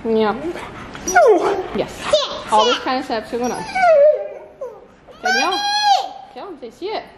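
A woman's voice: slow pace, heavy background noise. A mother filming a casual family vlog at home on a small farm, talking to her kids and cooing at her goats. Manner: excitable, coos at her goats in a high sing-song.

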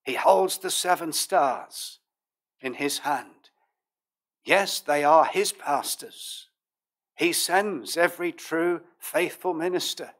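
Slow, earnest preacher. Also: male voice, fairly high pitch, fairly bright tone. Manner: measured, earnest preaching with King James phrasing. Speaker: pastor. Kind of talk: sermon.

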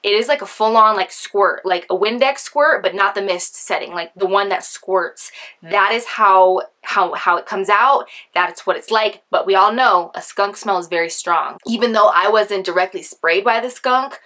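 A young woman vlogger telling a story casually, chatty and animated, with lots of filler words. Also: mid-range voice, moderate pace. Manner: chatty, animated, acts out quoted voices; heavy use of filler like.

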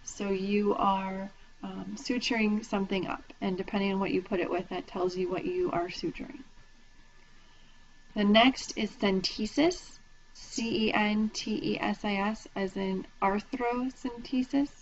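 A woman's voice: medium pitch, steady tone, measured pace. A woman instructor giving a recorded lecture, patiently explaining terms and spelling them out letter by letter. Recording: dull lo-fi lecture recording with faint noise.

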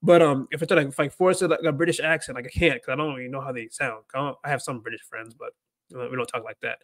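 A man's voice: mid-range voice, fairly even intonation, quick pace, fairly bright tone, no room sound. A man hosting a casual livestream, rambling with lots of "like" and restarted sentences. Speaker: host.

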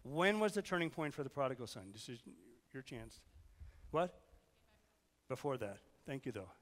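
Hoarse from an illness, a male pastor delivers a conversational sermon, asking the congregation questions and swinging between loud, urgent lines and hushed ones. His medium-pitched voice is very animated at a normal speed, with a long reverb tail.

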